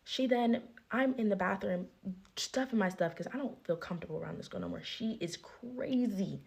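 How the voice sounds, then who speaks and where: A woman's voice: mid-range voice, normal speed, gravelly, husky. A woman in a viral clip telling a story in a casual storytime, blunt and indignant.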